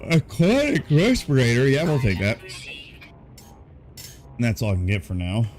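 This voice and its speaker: A man's voice: lowish voice, normal speed, faint music behind. Drowsy man streaming a game. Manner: relaxed, thinking aloud, yawning. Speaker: gaming streamer. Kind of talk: casual live gameplay commentary. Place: warm room at home.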